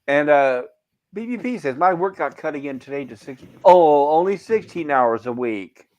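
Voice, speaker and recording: A man's voice: a little high, animated, moderate pace, darkish tone. A man chatting casually on a game stream, rambling, with many restarts and asides, reading out viewer comments.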